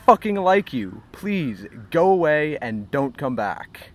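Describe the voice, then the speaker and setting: A man's voice: on the high side, sing-song, takes it slowly. A man reenacting an angry male comedy show host who swears bluntly and dismisses the other person. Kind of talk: reenacted argument.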